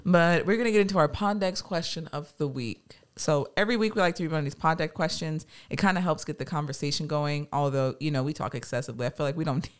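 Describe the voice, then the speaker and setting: A podcast co-host in casual chat, talking in a rambling, animated way with lots of fillers and frequent swearing, and whose family lives abroad. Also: medium pitch, fast, hardly any pauses, clear, resonant tone.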